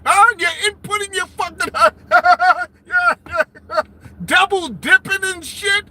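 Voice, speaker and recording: High, bright-voiced man ranting in his car. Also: slow pace, a little hiss or hum. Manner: loud, swearing, joking rants with bursts of laughter. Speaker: livestream host. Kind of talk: profane live-stream rant. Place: sitting alone in his car.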